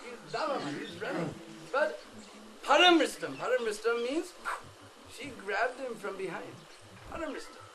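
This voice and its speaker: Animated high-voiced man telling a devotional story. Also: normal speed, pauses often. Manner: animated, dramatic storytelling with chanted phrases. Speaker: pilgrimage speaker. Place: outdoor holy site with a group. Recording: outdoor crowd noise.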